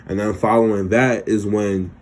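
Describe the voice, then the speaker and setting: A man's voice: lowish voice, little pitch movement, moderate pace, a little hiss or hum. A young man recapping a TV episode in loose, slangy, profane casual chat. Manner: loose, slangy and profane, acts out characters' lines. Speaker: TV recap vlogger.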